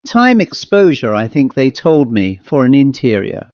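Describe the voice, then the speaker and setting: A man voicing a brisk, self-assured male medium in a crisp, chatty manner for an audiobook story. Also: sing-song, a little mellow, dry recording. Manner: crisp, chatty, lifted pitch. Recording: dull lo-fi dry recording.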